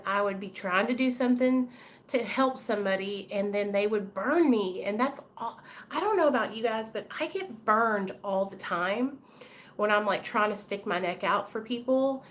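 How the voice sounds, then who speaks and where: A woman's voice: a little high, moderate pace. A woman chatting candidly with her live-stream viewers, talking straight to commenters by name. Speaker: vlogger talking to live chat. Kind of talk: casual live-stream chat.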